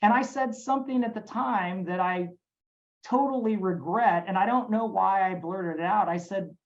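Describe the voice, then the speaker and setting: Earnest woman telling a story haltingly. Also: mid-range voice, lo-fi sound. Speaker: restaurant owner. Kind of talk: personal storytelling in a webinar talk. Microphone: webinar microphone.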